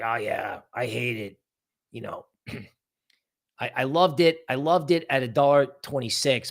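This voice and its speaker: High pitched guy hosting a crypto livestream, loose rambly chat, keeps saying right?. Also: bright, forceful tone. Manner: rambling, conversational, often adds "right?"; mocks panicky traders in exaggerated voices. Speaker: crypto market show host. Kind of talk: livestream market analysis.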